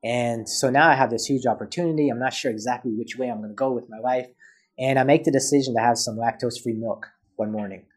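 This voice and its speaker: A man's voice: mid-range voice, fairly even intonation, quick pace, slightly rough. A man as a podcast guest, telling a personal story in casual chat and acting out both sides of past conversations.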